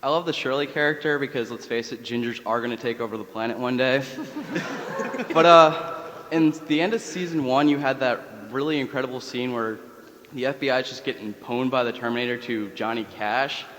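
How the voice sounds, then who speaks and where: A man's voice: mid-range voice, fairly even intonation, a little fast, a bit bright, in a large hall, rough recording. A man in the audience asking an enthusiastic, jokey question to the panel.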